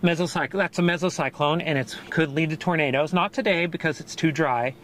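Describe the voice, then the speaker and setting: Man, out of breath, excited and rambling, higher voice, faint outdoor hiss. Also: a little fast. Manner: excited, rambling explanations with laughs. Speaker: storm chaser streaming live. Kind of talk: live-stream explaining weather. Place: in and around a car outdoors during a storm.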